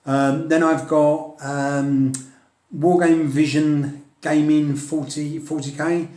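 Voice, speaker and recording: A man's voice: fairly high pitch, steady tone, slow pace, a little mellow, echoey room. A middle-aged Englishman, vlogging about his wargaming hobby in a chatty, self-deprecating way, often laughing and restarting his sentences. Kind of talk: casual rambling chat to camera. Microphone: filming on a tablet.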